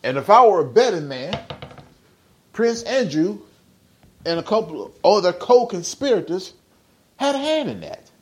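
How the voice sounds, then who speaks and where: A man's voice: high-pitched, darkish tone. A man hosting a podcast, ranting bluntly in slangy, profane casual talk with heated rhetorical questions. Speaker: podcast host.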